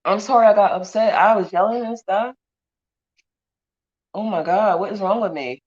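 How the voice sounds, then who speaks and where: A woman's voice: mid-range voice, normal speed, darkish tone, muffled recording. A woman talking bluntly and heatedly in a profane livestream rant. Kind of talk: ranting livestream monologue.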